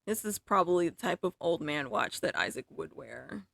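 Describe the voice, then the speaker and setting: Foul-mouthed woman livestreaming, gravelly and lively. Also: on the low side, normal speed, no room sound, studio quality. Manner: swears freely, exclaims in disbelief. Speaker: livestreaming artist. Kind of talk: casual livestream chat.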